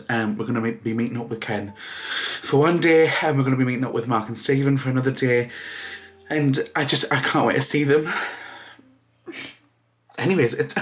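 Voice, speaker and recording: A man talking through tears in a casual vlog, halting and restarting with many fillers as he thanks friends. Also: mid-range voice, fairly bright tone. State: crying. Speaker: vlogger.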